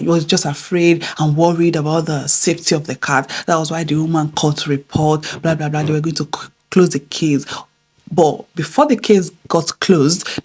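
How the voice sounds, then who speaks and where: Husky, lively woman telling a story. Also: low voice. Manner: animated, swings between loud exclamations and hushed near-whispers. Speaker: vlogger telling a family story. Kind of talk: casual storytelling to camera.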